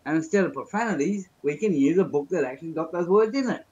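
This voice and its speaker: A fairly high-pitched man tells rambling jokes in casual chat. He comes through a video call, and the sound is muffled and dull. He laughs easily between his lines. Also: lively intonation, fast, a little mellow. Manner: joking, rambling storyteller. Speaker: guest.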